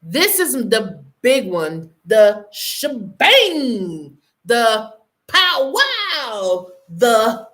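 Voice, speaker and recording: A woman's voice: fairly high pitch, very animated, fairly bright tone. A woman from the United States, hosting her own online show and chatting casually about news, playful and laughing, drawing her words out for effect. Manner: playful, laughing, drawn-out dramatic delivery.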